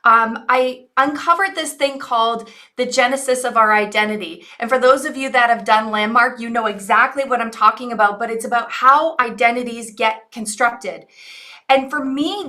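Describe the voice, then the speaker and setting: A woman's voice: on the high side, normal speed, pushed and bright. A woman in her forties, an online business coach, earnestly telling a personal story to her audience in a reflective, coaching way.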